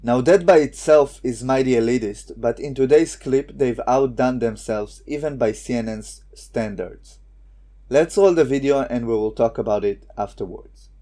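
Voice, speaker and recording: Man, commentary host, sarcastic and scornful, mellow low-key tone. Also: moderate pace. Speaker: political commentator. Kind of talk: scripted online commentary.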